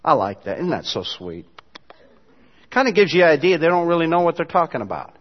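A man with a high voice preaches a sermon to his church, moving between low, quiet asides and loud, emphatic passages. The sound is dull and muffled. It rings with the long reverb of a large hall. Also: sing-song, a little fast. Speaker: pastor.

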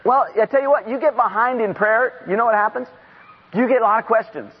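A high-pitched, husky-voiced middle-aged man preaching with passion from a church pulpit, his words climbing into near-shouts. The recording is dull and lo-fi, with a long reverb tail trailing off the sanctuary walls. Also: fairly quick. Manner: impassioned, rising to shouts. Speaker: guest preacher. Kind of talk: sermon. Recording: dull lo-fi sound in a reverberant hall.

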